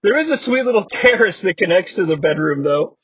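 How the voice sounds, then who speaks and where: A man's voice: sits high, animated, brisk, fairly bright tone, slightly rough, no room sound. A man hosting a podcast, recapping old wrestling with wry humor, frequent laughter and rambling asides. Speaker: podcast host. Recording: dry, slightly muffled podcast mic.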